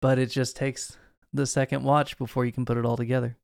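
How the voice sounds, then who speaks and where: A man's voice: mid-range voice, flat delivery, a little fast, creaky, darkish tone, no room sound, clean studio sound. A man hosting a casual movie-review podcast, talking eagerly and at length. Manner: eager, talkative, explains at length. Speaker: podcast host.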